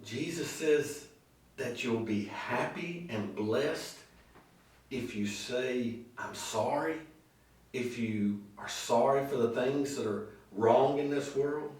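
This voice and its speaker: A male pastor delivering a sermon, telling stories and slowing down on key phrases. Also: medium pitch, a little mellow. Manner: storytelling preacher, slow emphatic phrases, acts out quoted voices. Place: church sanctuary. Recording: echoey hall, mic at a distance.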